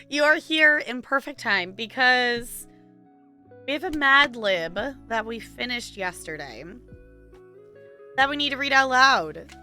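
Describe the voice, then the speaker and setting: A woman streamer chatting casually with her viewers, rambling and giggling, her voice strained and squeaky today. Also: animated, slow, pauses often, pushed and bright, faint music behind.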